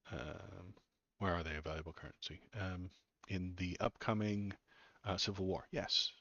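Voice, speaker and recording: Deep-voiced guy on a livestream, sarcastic ranting, kinda dull muffled audio. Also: a bit bright, no echo. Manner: sarcastic, ranting, mocking disgust. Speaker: political livestream host.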